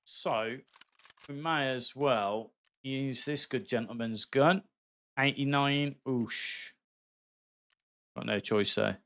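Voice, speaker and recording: Black country bloke live streaming a shooter, chatty, keeps calling people mate. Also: male voice, medium pitch, takes it slowly, long pauses, fairly bright tone. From West Midlands, England. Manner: chatty, friendly, calls viewers mate. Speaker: game streamer. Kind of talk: casual live-stream chat while gaming.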